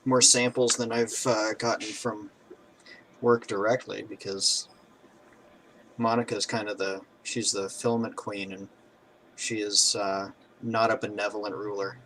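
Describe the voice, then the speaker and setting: Easygoing low-voiced man, stream co-host, hesitant speech, some faint noise behind him. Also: little pitch movement, unhurried, a bit bright, rough recording. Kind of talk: casual chat.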